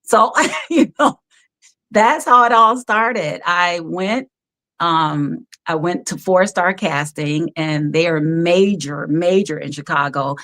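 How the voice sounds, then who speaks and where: A woman with a somewhat low voice talks as a guest on a live-streamed video call. She tells her stories in an animated way, full of laughs and fillers. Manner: animated storyteller, quick to laugh, many fillers. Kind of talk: casual interview over a live stream.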